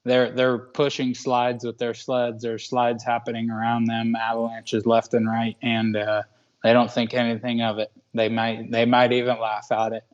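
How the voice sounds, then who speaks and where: A man in his twenties from Washington State, a guest talking earnestly and haltingly with many pauses. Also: medium pitch, completely flat delivery, clear, resonant tone, dull audio. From Washington State, USA. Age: 20s. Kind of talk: casual interview chat.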